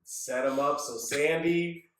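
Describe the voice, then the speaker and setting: Podcast guy chatting, high bright voice, lots of swing, kinda echoey room. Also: takes it slowly, a little hiss or hum. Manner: animated, acts out quotes in character voices. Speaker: podcast co-host. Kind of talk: casual chat. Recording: roomy echo.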